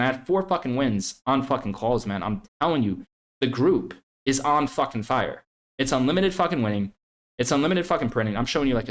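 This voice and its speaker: A man hosting a trading group vlog, swearing constantly and hard-selling membership with repeated slogans. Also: medium pitch. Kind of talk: hyped promotional vlog rant.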